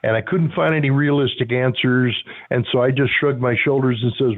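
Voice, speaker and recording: A man's voice: mid-range voice, steady tone, fairly quick, hardly any pauses. A man co-hosting a call-in show, talking in a folksy, easygoing way. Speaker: co-host. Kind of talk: call-in radio talk. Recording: phone-like narrow sound.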